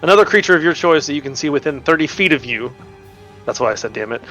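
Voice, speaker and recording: A man's voice: fairly high pitch, lively intonation, quick pace, bright, forceful tone, faint music behind. A man playing a tabletop role-playing game, narrating his character's actions in a rambling way, with many restarts and laughs. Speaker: player.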